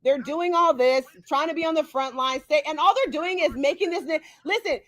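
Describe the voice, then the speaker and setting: Streamer woman, high pitch, dry close sound, confrontational and repetitive. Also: fairly quick, fairly bright tone, dry recording. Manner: angry, confrontational, repeats questions. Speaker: streamer in an online dispute. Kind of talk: heated livestream rant.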